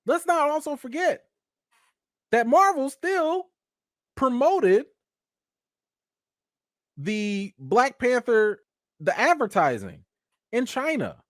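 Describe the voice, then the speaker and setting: A man's voice: extremely high pitch, big pitch swings, takes it slowly, pauses often, no room sound, clean studio sound. A man giving casual live-stream commentary, emphatic and slangy, firing off rhetorical questions.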